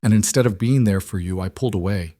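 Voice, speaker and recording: Man putting on a quiet sorry gossip lady, halting and small, dry close voice. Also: lowish voice, no room sound, lightly acted. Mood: ashamed. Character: ashamed townswoman, gossip turned sorry.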